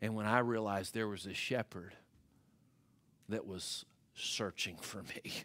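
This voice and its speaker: A male pastor with an American accent, preaching a sermon and swinging from hushed, low passages to loud, climbing ones. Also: a little slow. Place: church sanctuary.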